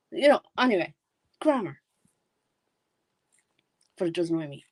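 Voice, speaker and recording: A woman's voice: fairly low pitch, big pitch swings, moderate pace, pauses often, breathy edge, no room sound. A woman hosting a live stream. She comments casually, rambles and corrects herself as she goes. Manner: rambling, self-correcting, chatty. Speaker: live-stream reaction host.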